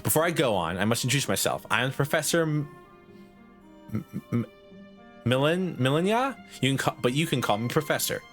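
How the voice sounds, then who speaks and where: A man's voice: mid-range voice, very animated, fairly quick, fairly bright tone, faint music behind. A man voicing a fussy, pompous woman professor who lectures and hands out marks. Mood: haughty. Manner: haughty, lecturing, clipped.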